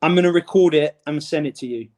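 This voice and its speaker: Tipsy male guest, high voice, dry wit, easygoing. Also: quick pace, a little mellow. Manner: laid-back, wry and joking. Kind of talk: casual livestream chat.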